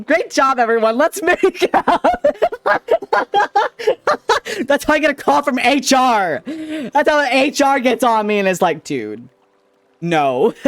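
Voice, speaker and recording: A giggly young man rambles through a casual livestream chat, his pitch swinging widely as he teases himself and his viewers. His voice sits close and dry against the mic, with faint music playing underneath. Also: a bit bright, no echo. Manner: giggly, rambling, playful and self-teasing. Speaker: VTuber streamer.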